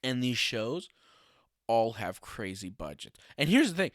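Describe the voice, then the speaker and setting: A man's voice: medium pitch, very animated, unhurried, dry recording, clean studio sound. A young man hosting a casual solo podcast, ranting with sarcasm and swearing and laughing often. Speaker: podcast host.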